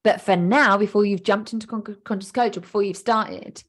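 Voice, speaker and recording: A woman's voice: mid-range voice, steady tone, normal speed, fairly bright tone. A woman hosting her own coaching podcast, talking energetically and acting out inner voices with emphatic repetition. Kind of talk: podcast monologue.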